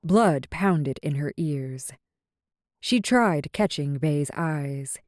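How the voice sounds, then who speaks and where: A woman narrating a romance audiobook in a measured, even storytelling manner. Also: sits low, no room sound, studio quality.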